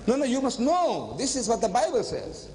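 An older man giving an animated religious lecture, telling stories and slipping in phrases. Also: very high-pitched, moderate pace, slight background noise. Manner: animated storytelling, switching into Hindi-Urdu phrases. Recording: long hall reverb.

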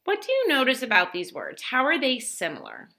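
A woman teacher giving a slow, clearly spoken lesson to young children, praising them often. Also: high-pitched, huge pitch swings, pushed and bright.

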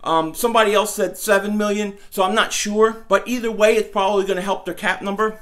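A man talking in a casual sports vlog, excited and rambling, his speech slurred because half his face is numb from the dentist. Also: high voice, brisk. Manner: excited, rambling, repeats himself. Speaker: sports vlogger.

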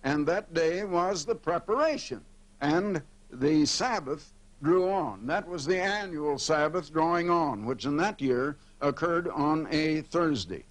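Older male TV preacher, fairly high voice, steady explanatory delivery, slows down to read scripture aloud. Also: low-quality recording. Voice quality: pauses and fillers as he speaks freely. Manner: explanatory preaching, reads scripture aloud slowly and comments between verses. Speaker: evangelist broadcaster. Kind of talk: televised sermon.

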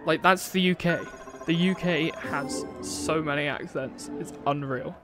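A man's voice: on the high side, a little slow, over music. A man from Newcastle, chatting casually and rambling through asides while playing a racing game. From Newcastle, England. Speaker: gaming channel host. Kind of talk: casual gameplay commentary. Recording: loud racing game engine noise behind. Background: race car engines from the game.

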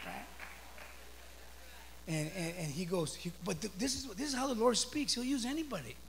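A pastor preaching a sermon, telling a story with stammering restarts and building up to shouts. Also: male voice, high voice, animated, moderate pace, vocal fry. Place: church sanctuary. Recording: echoey church hall.

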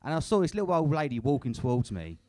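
A man's voice: on the high side, very animated, fast, a little mellow, no room sound. A young man doing a crude, sweary stand-up set at a comedy club, tagging lines with "innit". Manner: crude, swears a lot, tag questions like "innit".

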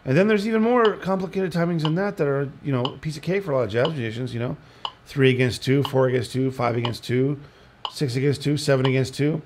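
A man's voice: mid-range voice, fast talker. A man, teaching guitar in a casual, rambling way, with joking asides and counted beats. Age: 60s. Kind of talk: casual spoken lesson. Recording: audible background noise.

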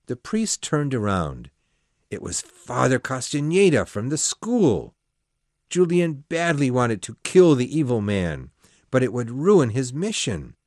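A man's voice: mid-range voice, very animated, unhurried, darkish tone, no room sound, studio quality. A man reading a classic novel aloud as an audiobook narrator, telling the story expressively.

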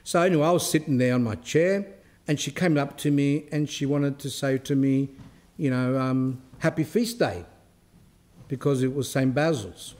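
A man, an Orthodox cleric, giving a spiritual talk that mixes a personal story with rhetorical questions and turns animated as the story goes on. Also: normal speed. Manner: grows animated and high when telling the story.

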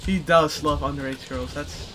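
A young man streaming a game, chatting casually, excitable and swearing a lot. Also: on the high side, normal speed, slight background noise. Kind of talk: casual gaming chat. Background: game music.

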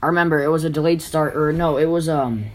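A man's voice: fairly high pitch, steady tone, fast talker, a little hiss or hum. A teenage boy chatting casually while playing a mobile game, rambling and telling stories with animation. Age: teens. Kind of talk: casual gaming chat.

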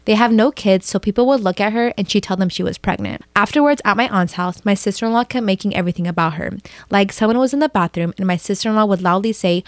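A woman's voice: medium pitch, quick pace, no room sound. Woman reading stories, dry close sound. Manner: blunt, swears freely in reactions. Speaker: storytime vlogger. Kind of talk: reading posts aloud with asides.

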